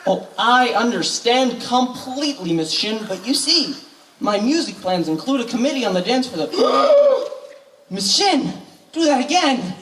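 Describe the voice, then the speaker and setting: Teen actor as smooth-talking male con man, flattering salesman patter, stage play, echoey hall, distant mic. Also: a little high, measured pace. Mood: gushing flattery. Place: camp stage. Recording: echoey hall from far off, faint noise.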